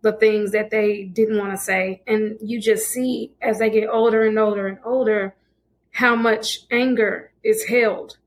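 A woman's voice: medium pitch, steady tone, unhurried. A woman on a casual podcast speaking in an earnest, reflective way. She talks steadily as she offers advice. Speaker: podcast co-host. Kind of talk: casual chat.

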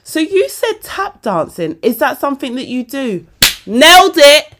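A woman's voice: high-pitched, wildly swooping pitch, normal speed. A young woman hosting her own podcast, chatting casually and openly, laughing often and calling her listeners babe. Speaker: podcast host. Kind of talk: casual solo podcast chat.

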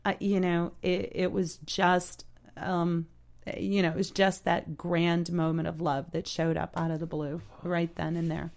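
A woman's voice: fairly low pitch, little pitch movement, gravelly, darkish tone. Earnest woman telling a heartfelt story. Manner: halting, many restarts and "you know". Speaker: storyteller guest. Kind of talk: casual storytelling chat.

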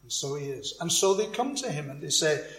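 A male preacher speaks in a loose, conversational way, often restarting phrases and adding asides to his listeners. His voice sits a little high for a man. The room adds a clear echo around him. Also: expressive, a little fast, fairly bright tone. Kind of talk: sermon.

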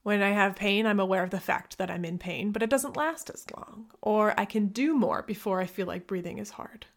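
Candid woman host, soft and wry. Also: medium pitch, normal speed. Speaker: podcast host, physical therapist. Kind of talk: personal podcast monologue.

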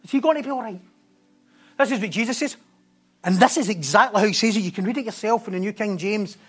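A male preacher giving an animated sermon, laughing often and putting rhetorical questions to the congregation. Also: high voice, fast talker, husky, soft background music.

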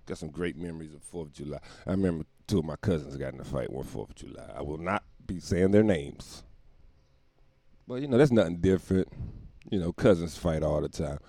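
A man's voice: sits low, fairly quick, dark tone, no room sound. A man hosting a comedic solo podcast, rambling, profane and self-mocking, often laughing at his own jokes. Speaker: podcast host.

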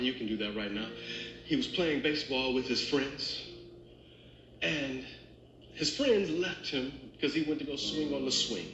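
High bright preacher man, fired up, echoey church w faint music behind. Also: a little hiss or hum. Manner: preaching, building to fervent climaxes. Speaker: pastor. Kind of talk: sermon.

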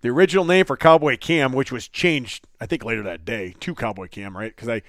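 A man's voice: medium pitch, fairly quick, fairly bright tone, no room sound, clean studio sound. A man hosting a podcast in casual chat, rambling and joking, swearing now and then. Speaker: podcast host.

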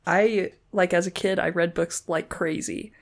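Relaxed young woman, low voice. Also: slow pace. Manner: relaxed, agreeable, short backchannels. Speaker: podcast co-host. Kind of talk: casual chat.

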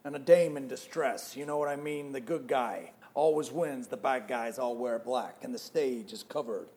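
A man's voice: mid-range voice, moderate pace, darkish tone, close to an everyday voice. A man playing a seasoned, weary actor in a comedic audio play, hesitant but reassuring.

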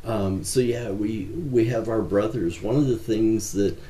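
Deep-voiced man in a roomy echo. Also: steady tone, warm tone. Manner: earnest, measured, with frequent fillers. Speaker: ministry founder, guest. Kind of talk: conversational interview answers.

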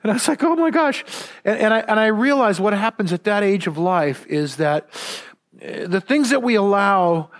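A man's voice: high-pitched, normal speed. A man from Southern California preaching a sermon as a pastor, earnest and repeating words when stressing a point.

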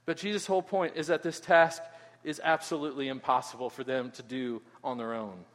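A man preaching a sermon in an animated way, often asking "right?" and repeating words as he goes. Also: on the high side. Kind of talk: expository sermon. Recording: long hall reverb.

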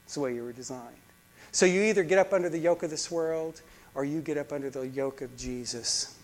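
High-voiced fervent male preacher. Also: brisk. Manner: fervent preaching with repeated restarts. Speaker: pastor. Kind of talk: sermon.

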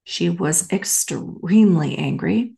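A woman podcast host telling a personal story in a candid, animated way with casual asides. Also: on the low side, slow pace, creaky, reverberant.

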